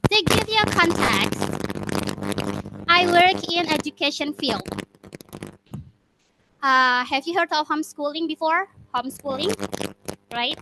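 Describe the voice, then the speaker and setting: A woman's voice: high voice, noisy background. A woman giving a prepared club speech over a video call, chatty and asking the audience questions.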